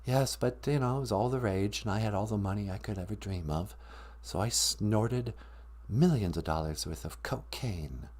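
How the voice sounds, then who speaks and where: A man putting on a dead male English rock star's ghost with an English accent, speaking in a soft, formal, courtly way. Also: on the low side, moderate pace, lightly acted. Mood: confessional.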